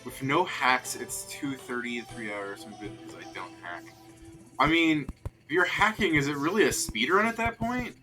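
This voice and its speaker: A man chatting casually while streaming a video game, jokey and excitable, laughing often. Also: medium pitch, moderate pace, soft background music. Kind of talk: casual gameplay chat.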